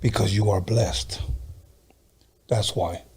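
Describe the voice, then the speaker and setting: Husky, preachy podcast host man. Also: lowish voice, steady tone, slow, a little mellow. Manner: preachy and emphatic, repeating phrases. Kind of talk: casual interview, encouraging talk.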